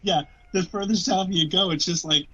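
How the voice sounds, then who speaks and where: A man's voice: high-pitched, steady tone, moderate pace, a crowd in the background. A man hosting a casual podcast chat, teasing and joking sarcastically. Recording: dull lo-fi sound.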